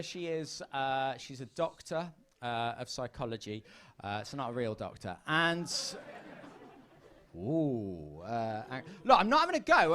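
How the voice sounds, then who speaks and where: A young man doing a stand-up routine on a comedy club stage, rambling and self-deprecating with quick asides to the crowd. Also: a little high, a bit bright. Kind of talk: stand-up routine to a live audience.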